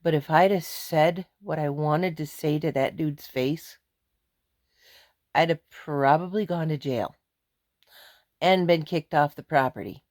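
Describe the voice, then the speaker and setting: A woman's voice: sits low, a little slow, pauses often, a little mellow, dry recording, studio quality. A middle-aged woman venting angrily in a vlog, blunt and emphatic. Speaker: vlogger. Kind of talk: angry ranting vlog.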